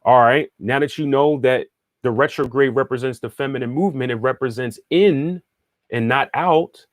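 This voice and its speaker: A man's voice: medium pitch, normal speed, no room sound, clean studio sound. A man giving a casual spiritual lesson, talking in a conversational way, often checking in with the listener and restarting phrases as he thinks aloud. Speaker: spiritual teacher and astrologer. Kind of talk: casual teaching monologue, answering viewer questions.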